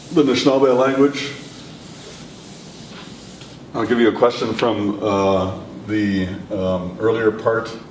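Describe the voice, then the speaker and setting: A man teaching a language lesson, patiently repeating words slowly for his learners. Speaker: language instructor. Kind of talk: classroom lesson. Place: classroom or lecture room. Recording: echoey room, mic at a distance, faint rumble.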